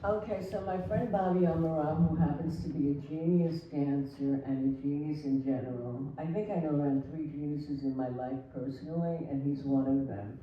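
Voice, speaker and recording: An older woman, a flamenco artist, telling lively anecdotes on stage and acting out the people in them. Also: low voice, normal speed, few pauses, highs cut off. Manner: animated anecdotes with laughter and acted quotes. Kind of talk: storytelling on stage. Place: hall with audience. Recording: echoey hall, distant mic, faint noise.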